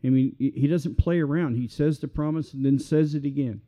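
Preaching as a pastor, a middle-aged man speaks a little fast in a mellow, slightly high voice. His sermon is earnest and conversational, building toward passionate appeals.

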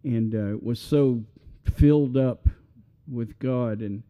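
A man's voice: medium pitch, takes it slowly, narrow, tinny audio. A middle-aged man preaching a sermon as a pastor, talking in an earnest, conversational way that builds to passionate appeals.

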